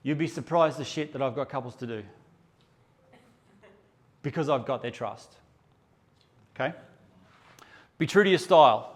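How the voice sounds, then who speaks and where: A medium-pitched man runs a live photography workshop, speaking a little slowly and pausing often. He's brash with his audience, joking and swearing freely.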